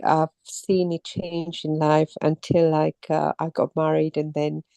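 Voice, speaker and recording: A middle-aged woman from Mauritius, down with a cold and a sore throat, telling her story in a casual, halting way with many pauses and restarts. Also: low voice, completely flat delivery, gravelly, mellow, no room sound. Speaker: interviewee, temple visitor. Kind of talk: casual personal account.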